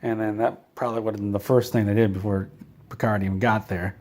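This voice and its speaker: A man's voice: lowish voice, little pitch movement, fast talker, a little mellow. A man telling a rambling comedic story, meandering and interrupting himself with a dry, offhand delivery. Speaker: comedy channel host.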